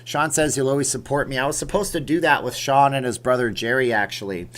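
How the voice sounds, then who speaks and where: A Canadian man hosts a late-night livestream from his home, rambling easily as he reads out viewer comments. His voice sits at an ordinary middle pitch, and his talk is loose and conversational, full of asides to the chat. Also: fast, fairly bright tone. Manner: chatty, rambling, reacts aloud to chat comments. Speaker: livestream host. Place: home room with green screen.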